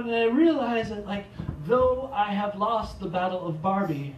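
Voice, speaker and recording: A man doing a stand-up comedy set on a theater stage, rambling and self-deprecating, with sudden loud outbursts. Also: sits high, moderate pace, few pauses, a little hiss or hum. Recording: echoey theater, mic from a distance.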